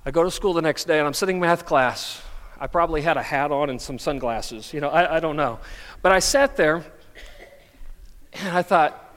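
A man's voice: on the high side, animated, a little fast, pauses often, fairly bright tone, big-room sound. A middle-aged male pastor preaching a sermon, telling stories with self-deprecating humor. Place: church sanctuary.

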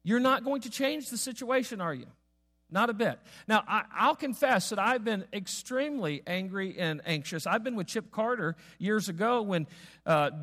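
A man's voice: high-pitched, brisk, fairly bright tone. A man preaching a sermon as pastor, telling a story conversationally, with asides, fillers and restarts. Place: church sanctuary. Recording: long reverb of a large hall.

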